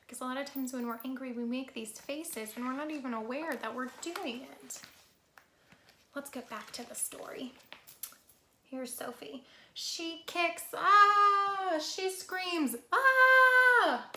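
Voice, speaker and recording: A woman reading a picture book aloud to children as a storyteller, lively and talking straight to her young listeners, sometimes dropping into a soft whisper. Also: sits high, normal speed, echoey room, slight background noise. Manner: animated, talks straight to children, drops to soft whispers for asides.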